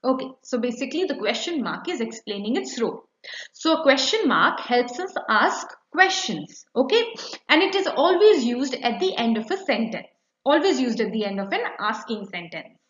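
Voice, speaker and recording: Lively woman teaching young children. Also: on the high side, moderate pace. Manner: lively, encouraging, often asks "right?". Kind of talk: online grammar lesson for children. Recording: echoey, slightly dull recording.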